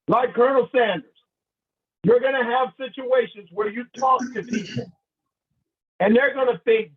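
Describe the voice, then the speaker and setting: Husky and very high-pitched, a motivational speaker talks at a moderate pace with long pauses. He gives a sales team a playful talk, acting out scenes along the way, and the sound is tinny, as if over a phone.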